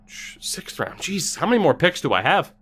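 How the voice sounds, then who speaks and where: A man at a desk mic streaming a hockey video game. He mutters wry, sarcastic remarks as he plays and reads viewers' comments aloud, with a pitch that swings up and down constantly. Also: sing-song, fairly quick, fairly bright tone, husky. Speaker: gaming streamer.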